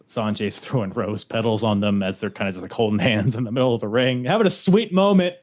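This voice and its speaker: A man's voice: fairly low pitch, steady tone, fast, a little mellow. A man hosting a podcast, recapping events in a loose, casual chat and laughing often. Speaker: podcast host.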